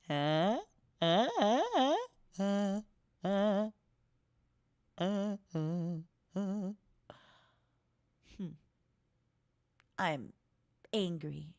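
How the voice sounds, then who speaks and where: A woman streamer chatting playfully, teasing her viewers as honey and swinging between loud mock-dramatic outbursts and soft murmurs. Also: mid-range voice, big pitch swings, drawn-out words, pauses often, dry recording, studio quality. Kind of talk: playful solo stream chat.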